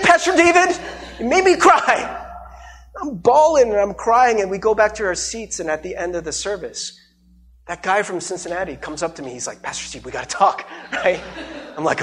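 A man pastor giving a sermon, telling a personal story in an animated way, laughing often and acting out the people he quotes. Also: fairly high pitch.

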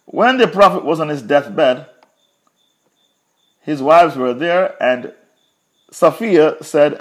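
A man's voice: on the high side, animated, slow pace, pauses often. A man teaching a Quran commentary lesson, retelling a story with emphatic repetition.

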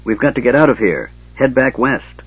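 A man's voice: medium pitch, expressive, normal speed, slightly rough, dry recording, highs cut off. A man voicing a stern male knight who speaks firmly and urgently. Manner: firm, urgent.

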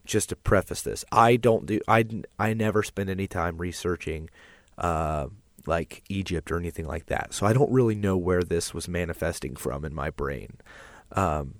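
Rambling low-voiced man telling a dream. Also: normal speed, dry recording. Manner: rambling, animated storytelling with fillers. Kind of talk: casual chat, telling a dream.

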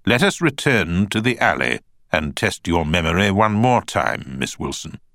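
A man voicing a cool male barrister, cross-examining in a measured, pointed way. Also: low-pitched, sing-song, creaky, fairly bright tone, no room sound, clean studio sound, pitched above the performer's own voice, exaggerated voice. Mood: probing. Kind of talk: audiobook character voice.

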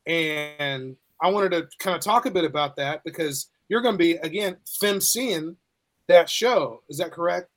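A man with a high-pitched voice co-hosting a podcast. He chats casually and with enthusiasm, and he swears freely as he talks. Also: moderate pace. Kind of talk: casual chat.

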